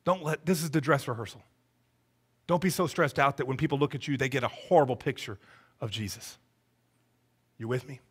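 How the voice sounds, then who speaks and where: A man's voice: medium pitch, fairly quick, pauses often, husky. A man in his thirties preaching a sermon in a church, telling stories with energy and acting out the voices in them. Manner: animated storytelling, acts out voices. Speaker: pastor. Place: church sanctuary.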